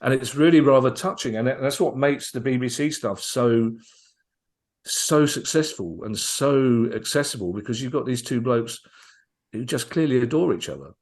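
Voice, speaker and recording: A comedian guests on a podcast, spinning anecdotes with lively energy. He trips over his own words and restarts often, then carries on talking. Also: mid-range voice, normal speed. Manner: lively storyteller, frequent restarts.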